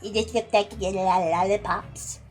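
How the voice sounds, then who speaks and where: A woman bantering crudely and excitably while playing a game. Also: mid-range voice, brisk, faint music behind. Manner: excitable and crude, swears freely. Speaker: game player. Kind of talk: casual let's-play banter.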